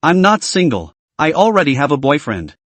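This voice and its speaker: A man's voice: a little high, sing-song, moderate pace, fairly bright tone, no echo. A man voicing a cold, aloof young woman company president who speaks curtly. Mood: icy. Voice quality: icy, curt.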